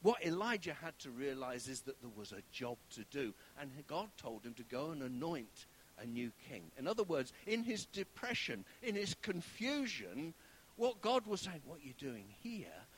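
A man preaching a sermon, telling a story with animated shifts and sometimes dropping to a hushed whisper. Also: a little high, moderate pace, a little hiss or hum.

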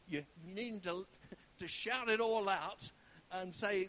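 A man preaching a sermon, telling a story with animated shifts and sometimes dropping to a hushed whisper. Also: high voice, takes it slowly.

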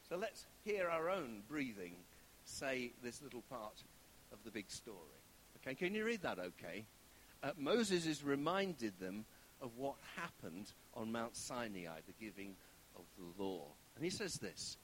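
A man's voice: medium pitch, a bit bright, a little hiss or hum, rough recording. A man preaching a sermon in a conversational way, often checking in with his listeners and stressing key words.

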